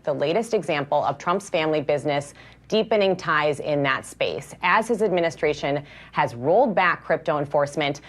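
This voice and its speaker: A female news reporter delivering a scripted report in a measured, even manner. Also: sits low.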